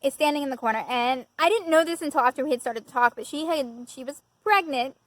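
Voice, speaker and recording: High-voiced woman telling a story. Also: fast, fairly bright tone, no room sound, rough recording. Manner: chatty and self-mocking, with frequent laughter. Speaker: vlogger. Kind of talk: casual storytelling. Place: outdoors.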